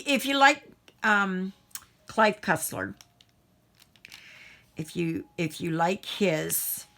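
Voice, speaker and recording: Middle-aged Canadian woman, crafting vlogger, rambling casual chat, unhurried delivery, lower-pitched voice. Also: a bit bright. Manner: rambling, self-interrupting, chatty.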